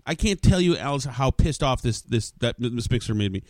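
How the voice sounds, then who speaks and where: A podcast host delivering a furious, profane, exasperated rant in a studio. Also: male voice, medium pitch, expressive, a little fast, no echo. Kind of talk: ranting podcast monologue. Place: studio with recording gear.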